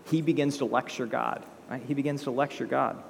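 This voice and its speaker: A man's voice: mid-range voice, fairly even intonation, a little fast, gravelly, in a large hall, a little hiss or hum. A male pastor preaching a sermon in a conversational way, with rhetorical questions and acted-out quotes.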